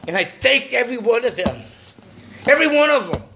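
Middle-aged man, raspy and high-pitched, giving an earnest, streetwise, profane testimony at a meeting. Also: sing-song, a little fast, pushed and bright, slight background noise. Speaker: speaker sharing his recovery story at a meeting. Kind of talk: personal testimony, casual storytelling. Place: meeting room.

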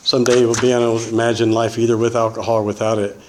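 A man's voice: medium pitch, flat delivery, racing, reverberant, slight background noise, low-quality recording. A man sharing his recovery testimony in a rambling, casual way, full of "man" and "you know". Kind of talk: personal testimony.

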